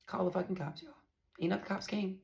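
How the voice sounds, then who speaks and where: A woman's voice: mid-range voice, steady tone, a little fast, gravelly, darkish tone. A woman talking casually to her viewers, blunt and profane, telling a story with strong emphasis.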